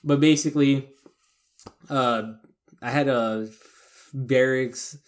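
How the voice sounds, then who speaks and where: A man's voice: mid-range voice, steady tone, slow. Profane rambling man telling a story. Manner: profane, rambling, acts out quoted voices. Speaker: podcast co-host. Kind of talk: casual storytelling chat.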